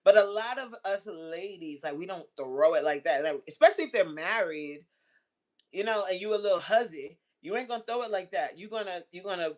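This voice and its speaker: Blunt, animated woman host chatting. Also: on the low side. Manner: animated, blunt and profane, laughs often; acts out quoted voices while telling stories. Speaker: host answering chat messages. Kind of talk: casual livestream chat.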